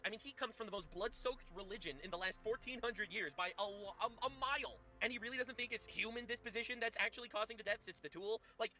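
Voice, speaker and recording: Rapid-fire sarcastic male streamer. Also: high voice, pushed and bright. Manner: rapid, swearing, sarcastic and indignant. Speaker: streamer commenting on news clips. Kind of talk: casual political commentary over gameplay.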